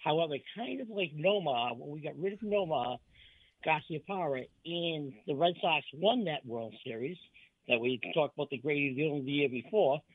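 A man's voice: on the high side, no echo. A man calling into a sports radio show, eagerly rattling off names and stats. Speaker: caller. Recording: tinny phone line.

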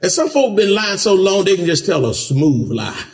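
A male pastor preaching a sermon, building from steady teaching to shouted emphasis. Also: normal speed, few pauses. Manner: preaching with big pitch swings, rising to shouts.

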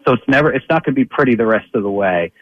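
A man on as a guest sports reporter, giving measured football analysis, often pausing on fillers and restarting sentences. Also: medium pitch, expressive, breathy edge, no echo, muffled recording.

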